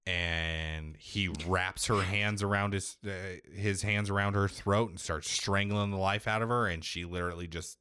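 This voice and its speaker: Deep-voiced man rambling casually. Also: steady tone, moderate pace, few pauses, bright, forceful tone, smooth, dry recording, studio quality. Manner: rambling, profane, heavy filler 'like'. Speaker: podcast co-host recapping a video game. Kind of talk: casual chat.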